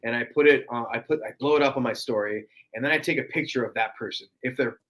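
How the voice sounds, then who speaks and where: A man's voice: mid-range voice, fast, fairly bright tone, rough recording. Give me a young man guest who talks casually and slips into a brash wrestler impression. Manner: keeps slipping into a brash wrestler-impression drawl. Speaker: podcast guest, impersonator. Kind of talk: casual interview chat.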